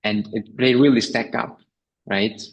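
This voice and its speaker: A man hosting a podcast speaks in a reflective, halting way, searching for his words and restarting phrases. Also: medium pitch, fairly even intonation, husky, rough recording. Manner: hesitant, many fillers and restarts, reflective. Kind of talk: conversational podcast talk.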